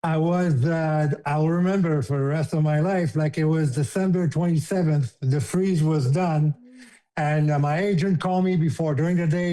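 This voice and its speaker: A man's voice: a little high, dark tone. Laughing man with a French accent. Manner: emotional, laughs often, acts out others' lines. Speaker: guest, former hockey player. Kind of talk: casual storytelling.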